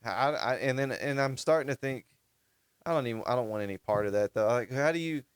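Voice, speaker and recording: A man's voice: mid-range voice, quick pace, clear, resonant tone, no room sound. Rambling, dry-voiced podcast guy. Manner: rambling storyteller, restarts often. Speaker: podcast co-host. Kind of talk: casual chat.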